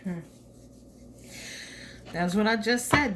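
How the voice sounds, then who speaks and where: A woman's voice: mid-range voice, unhurried, slight background noise. A woman giving a casual tarot reading, blunt and chatty, with slang asides. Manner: drops to a soft whisper when asking spirit. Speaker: tarot reader.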